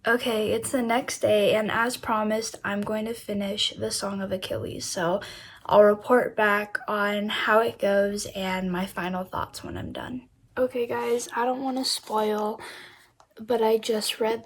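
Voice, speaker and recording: A woman's voice: medium pitch, steady tone, takes it slowly, vocal fry. A woman recording a casual reading vlog on her phone, chatty and effusive, filling her talk with "like.". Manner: chatty, heavy use of "like" fillers; emotional and effusive about books. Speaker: book vlogger.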